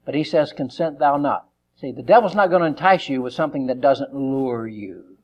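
A man's voice: medium pitch, fairly quick, highs cut off. A male preacher giving a sermon, joking with the congregation and acting out the verses he reads. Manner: lively, joking, acts out quotes.

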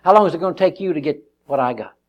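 A man's voice: on the high side, lively intonation, racing, highs cut off, lightly acted. A man voicing a flashy, boastful tempter who taunts and shows off his riches. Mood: bragging. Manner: taunting, bragging, mocking.

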